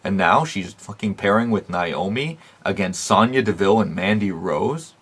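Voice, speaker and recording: A man with a lowish voice rants through a casual recap, blunt and profane. He swears nearly every sentence and fills the gaps with "uh" and "um", all in loose, opinionated show talk. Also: moderate pace, husky. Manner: animated rants with frequent fillers and laughs. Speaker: wrestling podcast host.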